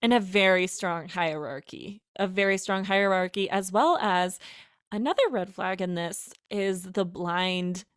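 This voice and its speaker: A woman's voice: medium pitch, unhurried, smooth, dry recording, studio quality. A woman co-hosting a casual podcast chat, talking freely with fillers and frequent laughter. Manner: chatty, laughs often, many fillers. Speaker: podcast co-host.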